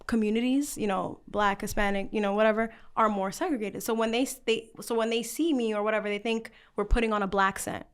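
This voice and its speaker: A woman's voice: mid-range voice, fast, few pauses, clear, resonant tone. A young woman from the Bronx with a New York accent, chatting as a podcast guest and telling stories with a lot of animation. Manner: animated storyteller who acts out the voices in her anecdotes. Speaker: podcast guest, content creator. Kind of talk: casual chat.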